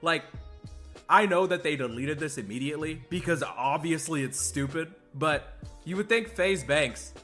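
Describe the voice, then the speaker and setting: An adult streamer giving loud, disbelieving reaction commentary, laughing and swearing while watching a clip. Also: mid-range voice, moderate pace, soft background music.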